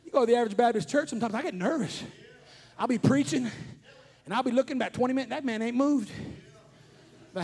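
A man in his forties preaching a shouting revival sermon. His voice sits very high for a man and has a gravelly edge. He is fervent and breaks into playful asides. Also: quick pace, long pauses. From Kentucky. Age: 40s. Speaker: pastor.

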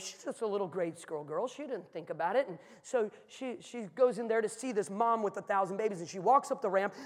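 A man preaching a sermon, telling stories in a manner that swings from hushed tones to shouts. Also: high-pitched. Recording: long hall reverb.

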